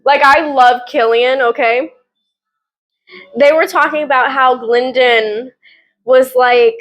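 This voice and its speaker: A woman's voice: sits high, fairly even intonation, slow pace, pauses often, a bit bright, low-quality recording. A woman reviewing books in a casual, rambling chat at home, gushing about what she read and swearing now and then. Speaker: book reviewer.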